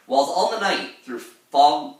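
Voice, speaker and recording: A man putting on the voice of a weathered old mariner, reciting verse in a slow, drawn-out, theatrical way. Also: a little high, expressive, voice pushed up. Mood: solemn. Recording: very echoey room, far from mic.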